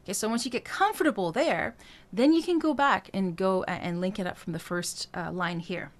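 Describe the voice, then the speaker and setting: A woman vocal coach explaining singing technique, talking through each point with filler sounds and quick checks with the listener. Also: medium pitch. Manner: talks through points with frequent "um" and checks of "right?".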